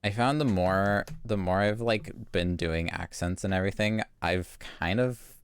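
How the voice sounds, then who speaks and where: A man's voice: deep voice, measured pace, clean tone, no echo. A man from Canada with a light Canadian accent, chatting playfully as he streams a video game. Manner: chatty, playful, chuckles often. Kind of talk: casual live gameplay chat.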